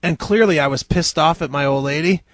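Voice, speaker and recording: A man's voice: a little high, a little fast, a bit bright, dry recording. A man hosting a radio show, trading crude, joking banter and laughing often.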